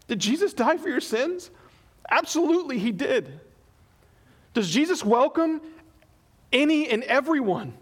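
A man's voice: very high voice, measured pace, pauses often, husky. A man preaching a sermon in church as pastor, acting out the people he quotes as he tells the story. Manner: animated, acts out quoted people in his retelling.

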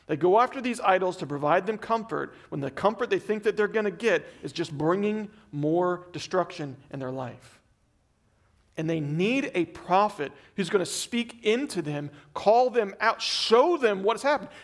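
High-voiced earnest male preacher. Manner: earnest, swings from emphatic to very quiet. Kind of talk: sermon.

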